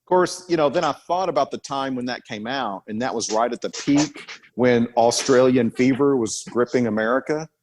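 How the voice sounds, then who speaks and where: A man co-hosting a podcast in casual chat, animated, slipping into voices when he retells something. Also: medium pitch, normal speed, a little hiss or hum. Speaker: podcast co-host.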